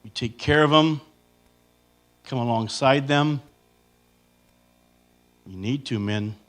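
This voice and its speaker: A man in his fifties telling comic stories to a church congregation, acting out loud impressions of himself and his wife. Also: mid-range voice, takes it slowly. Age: 50s. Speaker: comedian speaking at church. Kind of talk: comedic storytelling to a congregation. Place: church sanctuary.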